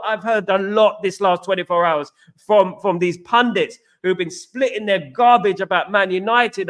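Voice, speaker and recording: A man's voice: sits high, a bit bright. A man hosting a football live stream, ranting passionately and repeating himself as he answers viewer comments. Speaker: football channel host.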